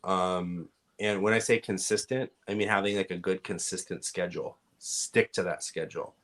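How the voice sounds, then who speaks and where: A man with a Californian accent, a podcast guest calmly explaining things at length in casual conversation. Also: sits low, normal speed. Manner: relaxed, explanatory, giving advice at length. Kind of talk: casual interview chat.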